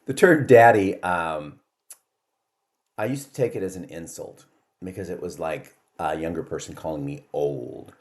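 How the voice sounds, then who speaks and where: Older man in his 60s, deep voice with lively swings, chatty wry vlog host. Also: a little slow. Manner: chatty, wry, self-deprecating storyteller. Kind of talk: casual monologue to camera.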